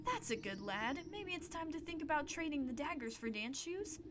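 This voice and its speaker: A woman's voice: high-pitched, lively intonation, moderate pace, over music, pitched above the performer's own voice. A woman playing a sweet-talking sly witch. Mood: coaxing.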